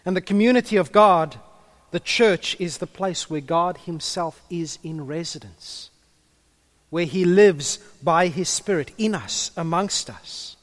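A man's voice: sits high, measured pace. A man preaching a sermon in a conversational way, with humorous asides and a few stumbles.

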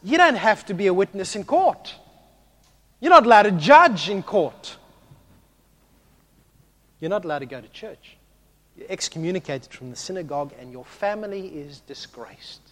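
A man preaching a sermon as a pastor, animated and swinging from hushed to loud. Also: sits high, moderate pace, long pauses.

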